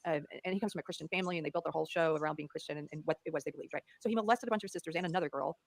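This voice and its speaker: Fast-talking, earnest woman on a clip. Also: low-pitched, vocal fry, no echo. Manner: fast, earnest, many restarts. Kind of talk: conversational podcast talk.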